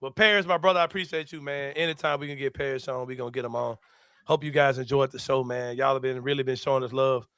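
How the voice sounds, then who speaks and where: A man hosting a casual sports-show chat, a loud, laughing storyteller who swears freely. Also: mid-range voice, fairly even intonation, fast talker, smooth, dry recording, clean studio sound. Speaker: podcast host.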